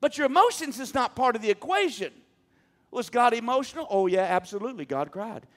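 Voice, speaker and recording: A man's voice: extremely high pitch, lively intonation, fairly quick. A man preaching a sermon, talking emphatically and calling on the congregation to answer him. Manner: emphatic, calls on the congregation to respond.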